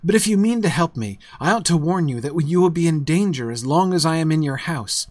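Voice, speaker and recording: A man's voice: fairly high pitch, animated, brisk, darkish tone, no room sound. A man reading aloud as a tired, worried young hobbit who speaks earnestly. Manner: earnest, weary.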